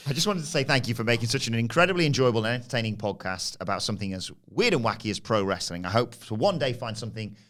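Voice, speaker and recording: A man's voice: mid-range voice, lively intonation, rapid-fire, few pauses, fairly bright tone. A man co-hosting a casual wrestling podcast, reading a listener email aloud and laughing often. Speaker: podcast co-host.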